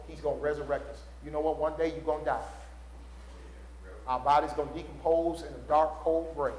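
A male preacher speaks in a reverberant church. His voice sits a little high for a man, and a faint hum of the room runs under it. He swings between rising, urgent calls to the congregation and low, quiet passages. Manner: call-and-response preaching, rising loud then dropping low. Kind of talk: sermon. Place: church sanctuary. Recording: roomy church echo.

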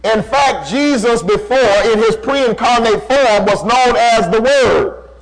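A man preaching a sermon, emphatic and repeating key phrases, dropping low and slow when quoting scripture. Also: rough recording.

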